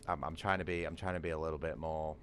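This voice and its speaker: A man's voice: a bass voice, fairly even intonation, fast, slight background noise. A British man chatting casually on a gaming livestream, rambling and swearing a lot, often asking "you know what I mean". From Britain. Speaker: streamer.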